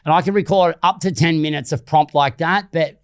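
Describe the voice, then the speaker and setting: Aussie guy doing a solo podcast, pretty high voice, blunt, swears a bit, super casual. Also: a little fast, smooth. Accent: Australian. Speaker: podcast host. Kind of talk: unscripted solo talk.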